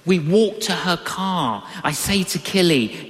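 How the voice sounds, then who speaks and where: An older preacher delivers a sermon full of personal stories. The delivery is unhurried, and the pitch swings widely as the speaker acts out the people in the stories. The voice rings out with a long reverb, as in a large hall. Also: a little hiss or hum. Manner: animated, acts out quoted voices.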